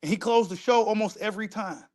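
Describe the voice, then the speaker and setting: A man's voice: high voice, quick pace, darkish tone. Emphatic man riffing in casual commentary. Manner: repetitive, emphatic, profane street talk. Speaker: host reacting to video.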